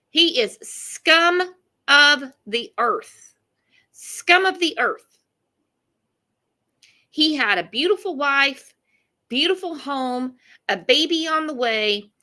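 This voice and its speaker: Blunt, bright-voiced woman livestreamer. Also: high-pitched. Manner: blunt, profane, greets chat viewers by name. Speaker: true crime livestream host. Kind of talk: casual livestream chat.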